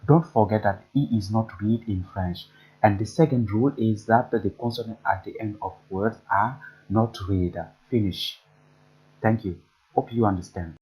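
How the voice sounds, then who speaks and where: A man teaching French pronunciation, repeating each word slowly so learners can drill it. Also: on the low side, darkish tone, husky, low-quality recording. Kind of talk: pronunciation lesson.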